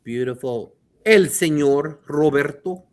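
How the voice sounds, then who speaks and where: A man hosting a panel show, playful and full of hype, with sing-song shout-outs to viewers. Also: fairly high pitch, slow pace. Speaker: host.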